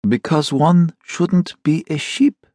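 A man voicing a calm, lecturing town secretary. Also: medium pitch, moderate pace, breathy edge, dry recording, clean studio sound, voice pushed up. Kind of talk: audiobook character reading.

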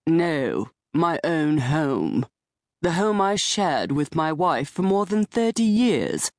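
A woman doing a weary, formal old widower, slow and low. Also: big pitch swings, darkish tone, dry recording, clean studio sound, exaggerated voice. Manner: measured, formal, clipped. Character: older male widower, formal, weary, bitter. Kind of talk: audiobook character voice. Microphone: close studio mic.

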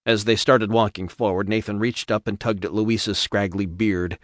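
A man reading a science fiction audiobook in a steady, even narration on a studio mic. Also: lowish voice, normal speed, few pauses, dry recording. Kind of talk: scripted narration.

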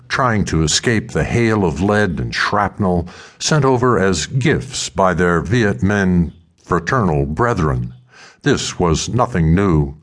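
A male audiobook narrator with a deep, low voice. He reads a first-person story in a measured, steady way.

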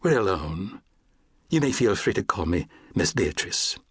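Genteel British hostess, soft and sophisticated, slightly husky, as a male narrator puts her on. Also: fairly low pitch, big pitch swings, normal speed, no room sound, studio quality, heavily acted. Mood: cordial. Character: genteel, playful Englishwoman hostess.

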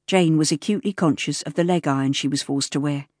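A woman narrating an audiobook in a measured, even storytelling manner, recorded close in a studio. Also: deep voice, dry recording. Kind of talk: scripted narration. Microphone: close studio mic.

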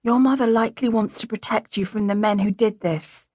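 A woman voicing a gentle young gentlewoman who speaks softly and pleadingly. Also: mid-range voice, fairly even intonation, a little fast, slightly rough, no echo, close to an everyday voice. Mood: tender.

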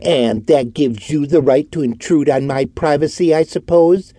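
A man's voice: on the high side, expressive, a little slow, warm tone, no room sound, voice pushed up. A man voicing a sullen, cowardly man who turns sarcastic and frightened in an audiobook. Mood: sneering.

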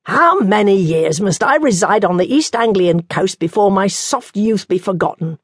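A woman reading the part of a mild, good-humoured young monk from London, speaking gently and wryly. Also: high-pitched, lively intonation, normal speed, no echo, studio quality. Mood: gentle.

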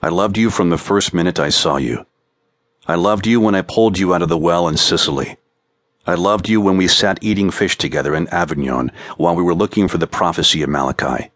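Man reading as a captive woman, slow clear speech, composed, low voice, dry sound. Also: a bit bright, no echo. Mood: tender, resigned. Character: captive woman pleading steadily on video.

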